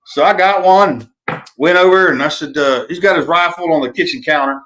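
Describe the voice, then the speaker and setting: Guy on a live show, cussing, telling folksy stories, voice a little high. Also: brisk, fairly bright tone. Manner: folksy storyteller, swears freely. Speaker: podcast host and author. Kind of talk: casual live-stream chat.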